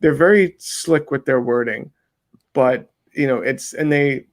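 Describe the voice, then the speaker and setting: A man's voice: medium pitch, unhurried. A man talking casually as an interview guest, rambling with many restarts. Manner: rambling, many restarts, mimics people he describes. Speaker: interview guest, undercover video maker.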